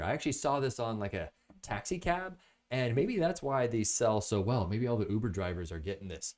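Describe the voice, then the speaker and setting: A man's voice: mid-range voice, very animated, normal speed. A man casually reviewing products in a chatty, joking way.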